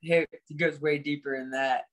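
Podcast guest, man from Indiana, about thirty, energetic and rambling, a bit high-pitched. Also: moderate pace. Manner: energetic, rambling, lots of fillers and restarts. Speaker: guest fighter. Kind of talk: casual podcast chat.

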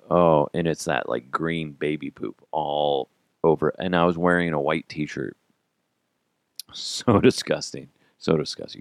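A man hosting a podcast, telling profane, animated comedic stories about parenting and acting out the quotes. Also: sits low, no echo, studio quality. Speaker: podcast host. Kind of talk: casual comedic storytelling.

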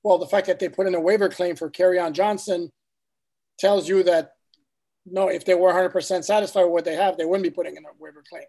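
A man's voice: high voice, steady tone, quick pace, gravelly, dark tone. A man guest reporter discussing football in casual talk, making emphatic points.

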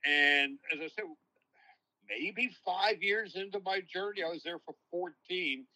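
Older New broadcaster, bright and forward, spins long reflective stories as an interview guest. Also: male voice, high-pitched, measured pace, rough recording. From New York. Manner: long-winded, reflective storytelling. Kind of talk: casual interview, storytelling.

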